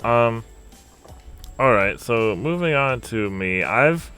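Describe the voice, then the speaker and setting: A man hosting a casual games podcast, talking in a loose, rambling way with frequent laughs. His voice is smooth and resonant at a middle pitch. Faint music sits quietly behind him. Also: lively intonation, slow pace. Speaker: podcast host. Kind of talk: casual chat.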